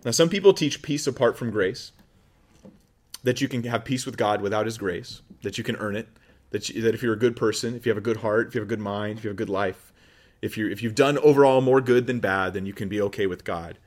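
A man's voice: on the low side, quick pace. Man preaching a casual, conversational sermon. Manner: conversational, animated, acts out quoted voices. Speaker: pastor.

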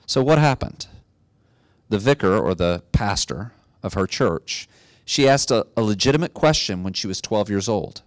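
A man's voice: lowish voice, animated, normal speed, no echo. Man preaching a conversational sermon. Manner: conversational storytelling that builds to emphatic, rising exhortation. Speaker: pastor.

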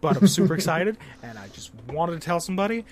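A young man from Pennsylvania co-hosting a casual podcast, rambling and excitable and swearing a lot. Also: a little high, fast talker. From Pennsylvania, USA. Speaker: podcast co-host.

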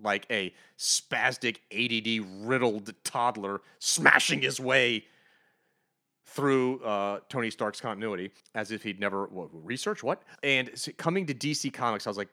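A man co-hosting a comic book review podcast, ranting with animated, sarcastic energy. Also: mid-range voice, a little slow. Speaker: podcast co-host.

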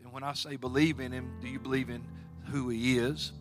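A man preaching a sermon as pastor of a church, telling homespun stories and rising to loud exhortation when he leads praise. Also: mid-range voice, flat delivery, brisk, over music. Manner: folksy storytelling with plain asides.

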